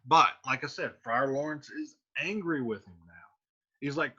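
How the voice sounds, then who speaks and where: A man's voice: medium pitch, moderate pace, sharp tone, slightly rough, lo-fi sound. A man teaching, casually explaining a play in plain modern words.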